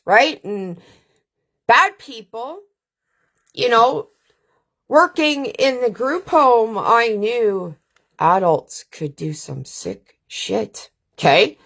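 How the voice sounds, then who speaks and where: A woman's voice: a little high, a bit bright. A middle-aged woman from Canada hosting a live stream, telling stories in a blunt, profane, casual way. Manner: blunt, profane, unhurried with frequent filler questions. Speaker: channel host. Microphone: webcam or phone on a live stream.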